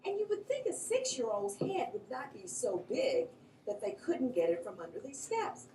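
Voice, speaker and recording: Animated woman telling a childhood story. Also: normal speed. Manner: animated storytelling, pitch jumps at exciting moments. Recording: roomy echo, slightly distant mic, faint background hiss.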